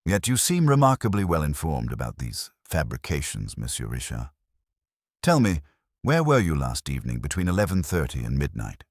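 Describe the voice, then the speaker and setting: A fastidious older detective, read by a man, probing in a measured, precise way. The voice sits extremely low with a husky grain and moves with lively pitch. The sound is close and dry. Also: no room sound, exaggerated voice.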